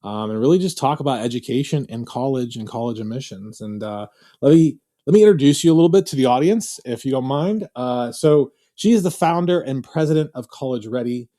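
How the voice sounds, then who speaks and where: Relaxed man hosting a podcast. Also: medium pitch, a little fast. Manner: relaxed, filler-heavy questions. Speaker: podcast host. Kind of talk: podcast interview.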